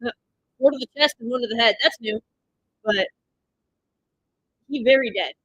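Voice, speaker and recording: A woman streaming a watch party, blurting excited reactions, swearing, and recapping the plot in loose, rambling sentences. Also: on the high side, normal speed, no echo, dull audio. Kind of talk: live watch-party commentary.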